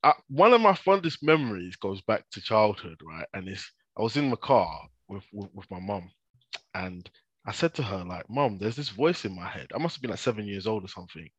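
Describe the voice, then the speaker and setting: Laid-back guest, dry close sound. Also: male voice, fairly low pitch, lively intonation, brisk, fairly bright tone, breathy edge, no echo. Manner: laid-back, reflective, with many restarts. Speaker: podcast guest. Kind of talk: casual interview chat.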